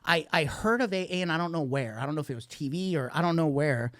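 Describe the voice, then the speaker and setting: A man's voice: a little high, expressive, fast talker, a bit bright, no room sound. A man guest on a podcast, candidly telling a rambling, profanity-laced story about addiction and recovery. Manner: profane, blunt, rambling with restarts.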